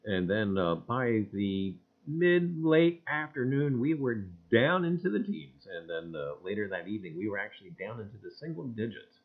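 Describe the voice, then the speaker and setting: A man hosting a casual livestream, greeting viewers by name in loud sing-song bursts and chatting in a folksy way. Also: fairly low pitch, sing-song, normal speed, few pauses. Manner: folksy, repeats "gang, I tell you". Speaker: livestream host. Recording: dull lo-fi stream audio.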